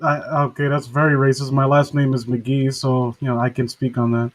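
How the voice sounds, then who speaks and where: A man's voice: medium pitch, monotone, moderate pace. A man co-hosting a podcast, rambling and swearing through casual comedic chat. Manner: rambling, swearing, laughing often. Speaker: podcast co-host.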